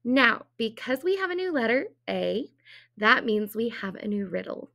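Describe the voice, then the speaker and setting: A woman's voice: fairly high pitch, very animated, normal speed, creaky, fairly bright tone. A woman teacher giving a phonics lesson to young children, drawing out sounds and asking cheerful, encouraging questions. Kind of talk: early-reading phonics lesson.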